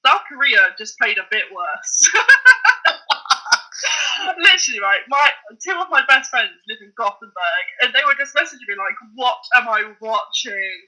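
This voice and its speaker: A man co-hosting a casual podcast chat, animated and chatty, telling anecdotes with laughs. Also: very high voice, normal speed, poor audio. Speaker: podcast co-host.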